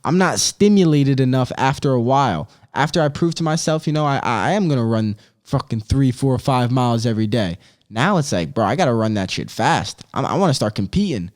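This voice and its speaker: A young man in his twenties talks on his own podcast in a relaxed, unscripted way. His speech is loose and rambling, full of slang and casual swearing, with "bro" and "dude" dropped in constantly. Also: mid-range voice, a little fast. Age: 20s. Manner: swears freely. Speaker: podcast host.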